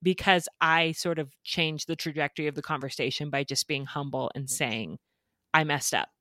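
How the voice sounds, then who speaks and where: Low-voiced woman podcast host, dry sound. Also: normal speed, bright, forceful tone, no echo. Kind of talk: podcast conversation.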